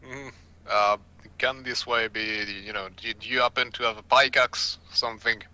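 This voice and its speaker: A man's voice: medium pitch, steady tone, normal speed, sharp tone. A young man playing in a tabletop game, talking casually and flippantly with jokes. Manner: flippant, joking. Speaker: player. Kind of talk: casual in-character game chat.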